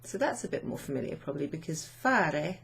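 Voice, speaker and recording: Woman language tutor with a gravelly, low-pitched voice. Slow, thinking-aloud delivery. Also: sing-song, a little hiss or hum. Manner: unhurried, thinking aloud with many fillers. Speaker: language teacher. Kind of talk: explaining grammar to students.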